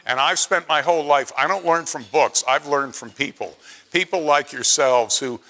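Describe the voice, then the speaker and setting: A man's voice: a little high, normal speed, pushed and bright. A man in his late seventies from Pennsylvania giving a chatty, self-deprecating after-dinner speech and acting out quotes in his stories. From Pennsylvania, USA. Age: 70s.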